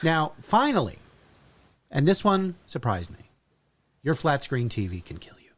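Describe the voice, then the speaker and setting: A man co-hosting a relaxed podcast chat. His voice sits in a middle register but moves around a lot in pitch. He lays out facts in a steady, matter-of-fact way, with the odd filler. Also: a little slow. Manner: lively, matter-of-fact reading of safety facts. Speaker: podcast co-host. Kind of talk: casual chat.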